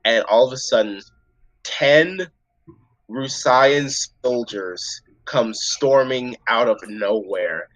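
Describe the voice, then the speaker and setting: A man acting as game master, narrating a tabletop game in a casual, swearing style with quick asides. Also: medium pitch, fairly bright tone, rough recording.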